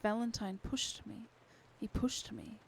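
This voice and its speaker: A woman's voice: fairly high pitch, fairly even intonation, unhurried, creaky, a little mellow, husky, exaggerated voice. A woman voicing a shaken, bewildered teenage boy in a storybook reading, pleading and tearful in his denials. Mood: disbelieving.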